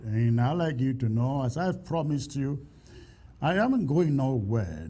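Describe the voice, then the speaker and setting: A man hosting a call-in show, speaking deliberately and repeating his words as he takes callers. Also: medium pitch, lively intonation, warm tone. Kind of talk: call-in radio talk.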